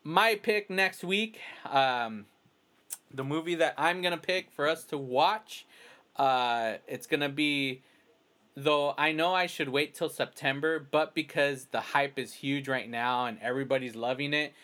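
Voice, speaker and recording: Rambling high-voiced male podcast host. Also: unhurried, pushed and bright. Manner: rambling, storytelling with quoted asides. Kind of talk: casual chat.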